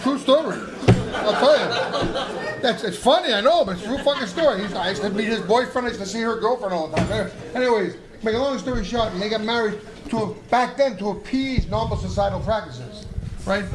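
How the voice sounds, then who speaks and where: A man's voice: sits high, a little fast, echoey room, a crowd in the background. A middle-aged man, a podcast guest and former boxer, telling profane stories live on a club stage and acting out the people in them. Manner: profane, animated, acts out the people in his stories. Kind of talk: live storytelling. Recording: noisy live club recording.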